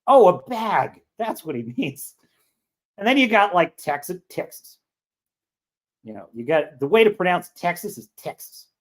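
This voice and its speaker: A man's voice: high voice, big pitch swings, normal speed, a bit bright. Rambling Californian man hosting a livestream. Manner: rambling, joking, reads chat aloud. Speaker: livestream show host. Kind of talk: casual livestream commentary.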